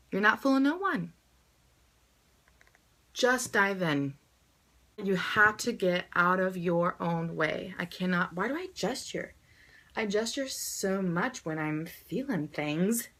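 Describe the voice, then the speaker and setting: A woman's voice: fairly low pitch, lively intonation, slow pace, pauses often, fairly bright tone. A young woman vlogging to her viewers in an emotional, heartfelt way, swearing freely and urging them to love themselves. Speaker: vlogger answering viewer questions. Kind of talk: emotional direct-to-camera vlog.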